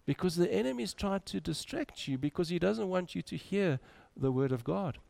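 A man preaching a sermon, moving between loud urging and quiet, soft drops. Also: sits high, lively intonation, normal speed, gravelly.

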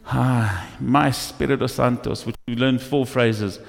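A man's voice: mid-range voice, measured pace, vocal fry. Storytelling male preacher in an echoey hall. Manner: animated storytelling with acted asides. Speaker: pastor. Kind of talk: sermon. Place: church hall.

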